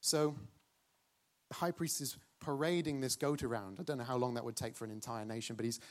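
Dramatic man preaching with a refrain. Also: medium pitch. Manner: dramatic, with a repeated rhetorical refrain and slow emphatic stresses. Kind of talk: sermon.

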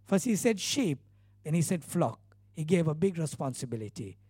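A man's voice: a little high, big pitch swings, normal speed, warm tone, husky, no echo, studio quality. A male pastor preaching a sermon, retelling scripture earnestly with emphatic repeated phrases.

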